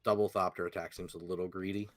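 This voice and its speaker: A man co-playing a card game on a stream, giving laid-back, measured strategy advice in casual chat. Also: sits low, flat delivery, dry recording. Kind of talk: casual chat over voice call.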